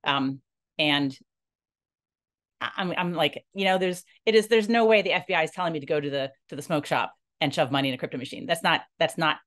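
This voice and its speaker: A woman who runs a non-profit, telling a personal story in an earnest, halting way and acting out the dialogue she quotes. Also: low voice, a bit bright. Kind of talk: personal story told to camera.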